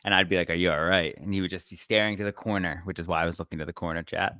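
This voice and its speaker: A man's voice: deep voice, steady tone, racing, pushed and bright, dry recording, studio quality. A young man co-hosting a podcast, chatting casually, telling stories and swearing freely. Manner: loose, swearing, storytelling banter. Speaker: podcast co-host.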